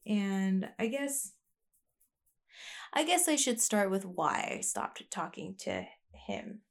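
A woman's voice: mid-range voice, very animated, takes it slowly. A young woman talking alone into her podcast mic, rambling and reflective, full of fillers and restarts. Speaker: podcast host. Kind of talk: casual personal monologue. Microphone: plugged-in podcast mic.

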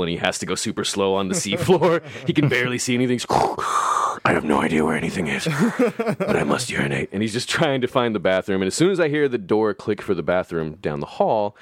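A man's voice: deep voice, no room sound. A man telling a story in casual chat, laughing often and putting on voices for quotes.

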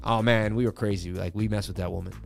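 This is a fast talker with a fairly low, gravelly voice and fairly even intonation, set against soft background music. He runs a live crypto chart analysis stream, giving casual market commentary in slangy speech and joking with viewers.

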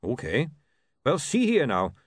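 A man voicing a shrewd, calm male dwarf printer with a blunt, businesslike manner. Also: medium pitch, a little slow, no echo, studio quality, full character voice.

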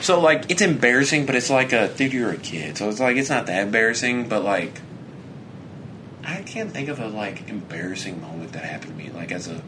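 A man's voice: fairly low pitch, animated, fairly quick, background noise. A young man co-hosting a podcast in casual chat, rambling, laughing often and swearing as he acts out quoted back-and-forth. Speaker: podcast co-host.

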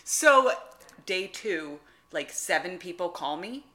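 A woman co-hosting a podcast in casual chat, trading quick, wry quips and playful banter. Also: fairly low pitch, expressive, bright, forceful tone. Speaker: podcast co-host.

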